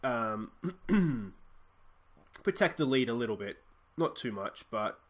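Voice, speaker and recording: A young Australian man casually commentating his own football management game, thinking aloud and breaking into excited shouts at goals. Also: medium pitch, slow pace. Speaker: let's play host.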